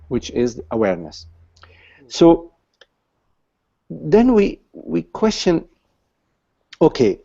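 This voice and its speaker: A man leading a satsang, explaining patiently and haltingly to a questioner, with many restarts. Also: on the high side, creaky, warm tone, lo-fi sound. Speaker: satsang teacher. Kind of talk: spiritual dialogue with a questioner.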